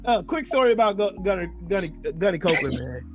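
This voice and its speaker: Brief: male veteran host, high voice, swooping animated delivery, casual and profane. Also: fast talker, over music. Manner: animated, profane, laughing storyteller. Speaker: podcast host, military veteran. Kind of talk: casual storytelling chat.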